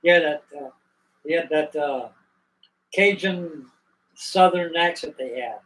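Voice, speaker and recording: A man's voice: on the high side, slow, long pauses, a bit bright, far from the mic, poor audio. An older man from Virginia, hosting a live stream, spinning a rambling, folksy story with restarts. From Virginia, USA. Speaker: host.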